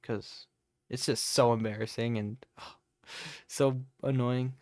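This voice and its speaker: A man's voice: mid-range voice, steady tone, slow, darkish tone. A man co-hosting a casual podcast, goofy and jokey, protesting in an exaggerated way. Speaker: podcast co-host.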